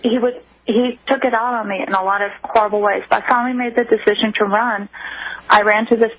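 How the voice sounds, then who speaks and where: Brief: earnest, emotional woman storyteller, higher voice, muffled lo-fi phone line. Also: fairly even intonation, fast talker, a bit bright. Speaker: interview guest. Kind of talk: personal account on a radio call-in show.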